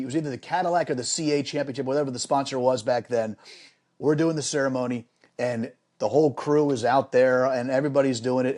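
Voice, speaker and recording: A middle-aged man, a sports broadcaster, telling lively anecdotes as a guest on a podcast and repeating phrases for emphasis. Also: mid-range voice. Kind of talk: animated storytelling in a podcast interview.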